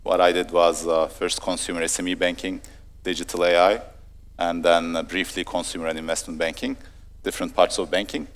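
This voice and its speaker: A man speaks on a conference panel in a very deep voice. He talks in a relaxed way, with hesitant fillers. A long hall reverb trails his words. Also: fairly quick. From Turkey. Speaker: panelist, fintech executive.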